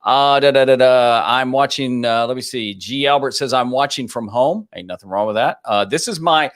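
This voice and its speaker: A man's voice: mid-range voice, normal speed, a bit bright. A man hosting a live stream from his home office studio, chatting casually and greeting viewers by reading out their comments. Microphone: home office studio mic.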